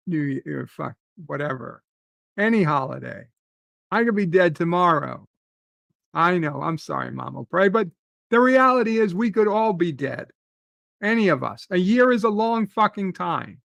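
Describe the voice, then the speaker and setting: A man's voice: a little high, expressive, unhurried, vocal fry, fairly bright tone, dry recording, studio quality. A man hosting a live stream, ranting in a rambling, profane way and answering chat comments.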